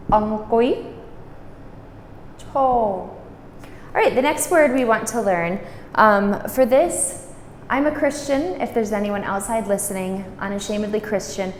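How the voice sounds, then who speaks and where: A woman teaching a language lesson, patiently saying words slowly and repeating them for practice. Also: medium pitch, slight background noise. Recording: roomy echo, distant mic.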